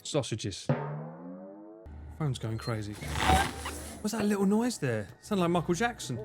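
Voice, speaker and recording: A man streaming a game live, joking, swearing and reacting loudly as he plays. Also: a little high, big pitch swings, measured pace. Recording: game music playing behind.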